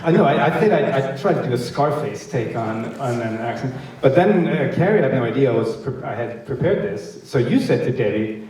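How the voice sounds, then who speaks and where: A man's voice: medium pitch, expressive, a little fast, a little mellow. A man, an actor, telling anecdotes on stage in a rambling, hesitant way and laughing often. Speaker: actor guest. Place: festival stage event. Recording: echoey hall, distant mic.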